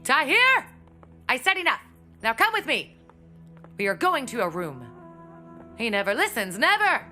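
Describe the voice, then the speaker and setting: A woman's voice: mid-range voice, wildly swooping pitch, moderate pace, bright, forceful tone, soft background music. A strict scolding mother. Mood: stern. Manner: stern, scolding. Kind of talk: dubbed TV drama.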